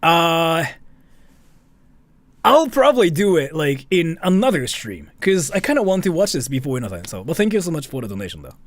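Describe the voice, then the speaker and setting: A man's voice: a little high, very animated, moderate pace, dry recording. A man streaming a casual chat, rambling with lots of fillers while reading out donations. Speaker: livestreamer.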